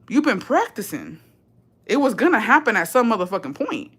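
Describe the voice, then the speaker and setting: A woman's voice: medium pitch, sing-song, fairly quick, fairly bright tone. A young woman, ranting on a live stream in a profane, sassy and confrontational way, slipping into Spanish. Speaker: vlogger.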